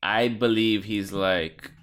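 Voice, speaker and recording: A man's voice: on the low side, steady tone, takes it slowly, fairly bright tone. A man chatting casually about wrestling, blunt and profane, with emphatic remarks.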